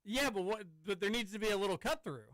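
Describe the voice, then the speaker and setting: A man's voice: high voice, quick pace, fairly bright tone, dry recording, rough recording. A man hosting a sports talk radio show from a studio, talking casually and rambling with some stammering. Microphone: studio microphone.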